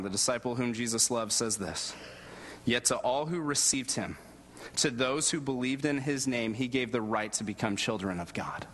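A man preaching a sermon and telling a personal story in an earnest way, going low and soft at the moving parts. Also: slight background noise. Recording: long reverb of a large hall.

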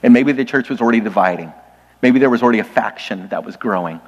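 In a church sanctuary, a man preaches with a conversational, gently funny style, often speaking right to his flock. He talks fast at a medium pitch, and the recording from the large hall is muffled.

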